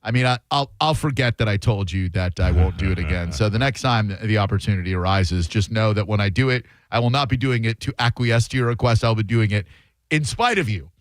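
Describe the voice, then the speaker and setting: A man's voice: lowish voice, a little fast, no echo. A man hosting a radio show, chatting casually with callers in a sarcastic, playfully mock-indignant way. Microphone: studio microphone.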